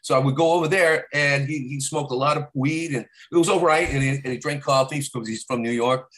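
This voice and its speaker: A man's voice: mid-range voice, brisk. A middle-aged stand-up comedian from Arizona talks through his old road stories in loose, rambling fashion. He has a mid-range male voice and trails off and restarts as he remembers. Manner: rambling, slips into loud character voices for quotes. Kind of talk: casual storytelling interview.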